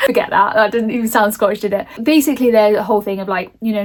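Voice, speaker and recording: A woman's voice: on the high side, fast. A woman vlogger chatting casually about books she wants to read, rambling, laughing often and swearing freely. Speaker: book vlogger. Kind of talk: casual book chat.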